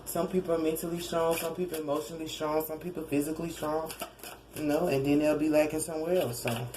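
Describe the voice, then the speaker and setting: A woman with a low voice talks through a tarot reading in a loose, conversational way. She wanders off track, corrects herself mid-sentence and slips in chuckling asides. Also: fairly even intonation, quick pace, warm tone, a little hiss or hum, poor audio. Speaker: tarot card reader. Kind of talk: casual spoken tarot reading.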